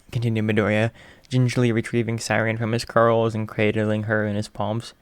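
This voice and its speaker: A man's voice: lowish voice, completely flat delivery, moderate pace, clean tone, no echo. Man narrating fan fiction, dry close voice. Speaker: audiobook reader.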